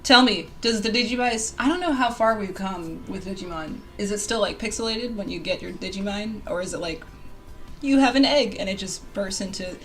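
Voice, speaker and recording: A woman hosting a casual live stream, excitable and bubbly, laughing often and bursting into squeals, on a desk mic with soft music behind her. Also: medium pitch. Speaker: livestream host. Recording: quiet music under the voice. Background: soft background music.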